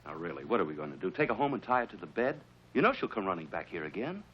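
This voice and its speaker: A man's voice: sits low, very animated, rapid-fire. An actor playing a tired father who tries to reason with his wife. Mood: weary. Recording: dull old TV soundtrack, faint hiss.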